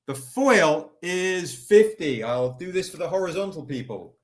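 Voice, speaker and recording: A man hosting a live stream, chatting with viewers by name and pitching comic editions in a casual, upbeat way. He sounds tired and says he is recovering. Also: animated, measured pace. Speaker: livestream host selling comics.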